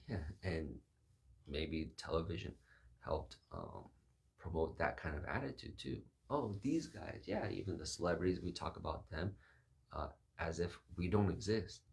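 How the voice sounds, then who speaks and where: A man's voice: sits low, lively intonation, normal speed, vocal fry. A man giving a reflective, sermon-style talk, musing aloud and acting out quoted voices.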